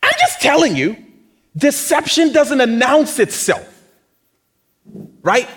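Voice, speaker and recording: Animated high-voiced male preacher. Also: slow pace. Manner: conversational, teasing, acts out mock quotes. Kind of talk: sermon.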